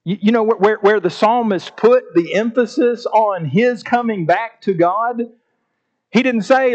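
A man preaching a sermon, with emphatic, drawn-out phrases and repeated words. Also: high-pitched, highs cut off. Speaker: pastor.

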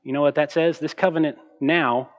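A man preaching a sermon as pastor, slowing down to stress key words and asking rhetorical questions. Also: fairly high pitch, fairly even intonation, muffled recording. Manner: asks the congregation rhetorical questions.

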